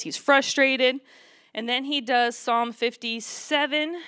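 A woman's voice: high-pitched, fairly even intonation, slow pace, a bit bright, clean tone. A woman giving a casual church devotional, reading scripture aloud with rising intensity. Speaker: church speaker.

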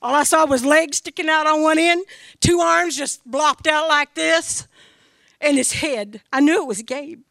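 A woman's voice: high voice, measured pace, vocal fry, fairly bright tone, no echo, clean studio sound. A middle-aged woman from Missouri giving an earnest, emphatic spoken testimony about her faith as a grieving mother.

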